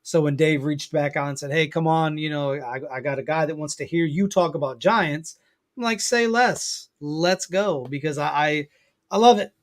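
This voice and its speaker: A man's voice: on the high side, normal speed. A man talking as a guest on a podcast in casual chat, enthusiastic and repeating himself.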